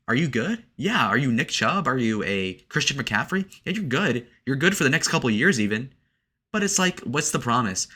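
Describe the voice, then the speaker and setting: Brief: young male commentator, bright and sharp-toned, crude and sarcastic. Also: medium pitch. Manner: crude, sarcastic, filler-heavy with "like". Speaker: online commentator. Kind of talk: casual reaction commentary.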